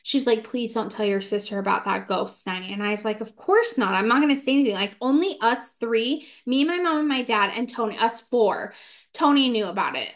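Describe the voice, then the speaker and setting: A young woman in her twenties telling a ghost story in casual podcast chat, animated and full of "like" fillers. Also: fairly high pitch. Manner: animated, fast, many "like" fillers, acts out quotes. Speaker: podcast co-host.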